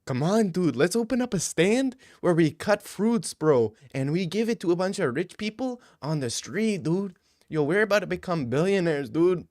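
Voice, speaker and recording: A man putting on the voice of an excitable young guy who keeps saying "dude" and "let's go" while pitching a scheme. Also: normal speed, no echo, studio quality. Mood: hyped-up. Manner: repeats "dude" and "let's go" with every breath.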